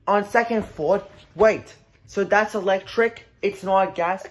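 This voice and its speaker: A man's voice: high-pitched, slow pace. Flustered young man in a comedy skit. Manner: flustered, whiny, stammering. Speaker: confused driver in a skit.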